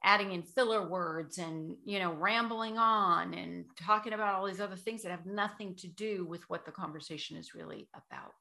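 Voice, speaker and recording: A woman who coaches voice and public speaking, giving measured, explanatory answers as an interview guest. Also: fairly low pitch, vocal fry, bright, forceful tone.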